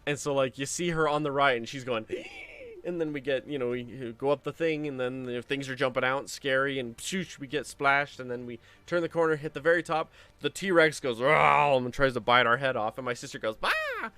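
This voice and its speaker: A man streaming a game, telling family stories in a casual, lively way and acting out the voices of the people in them. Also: mid-range voice, a little fast, few pauses, clean tone, no room sound. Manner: animated anecdote telling with acted-out quotes. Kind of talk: casual storytelling while playing a game.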